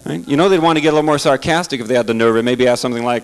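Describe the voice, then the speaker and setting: A man's voice: mid-range voice, rapid-fire, smooth, rough recording. A man doing a stand-up comedy set in a club, sarcastic and chatty, asking the crowd questions.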